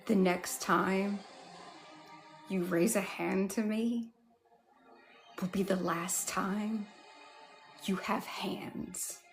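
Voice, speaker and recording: A woman playing Daenerys, hushed and menacing. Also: medium pitch, fairly even intonation, faint music behind. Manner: slow, hushed, menacing delivery. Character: regal, icy young queen of dragons.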